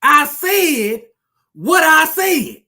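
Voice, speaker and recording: With a very high, sharp-toned voice, he stretches out his words in a very animated way. A sports commentator with his own channel, he delivers a heated, profane rant to viewers, taunting and repeating himself to drive points home.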